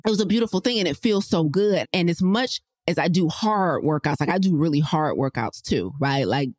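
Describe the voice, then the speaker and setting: A woman hosting a podcast, chatting casually about health and telling animated personal stories straight to her listeners. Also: lowish voice, a little fast, dry recording, clean studio sound. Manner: chatty, animated storyteller who laughs often; addresses listeners directly in slangy speech. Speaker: podcast host.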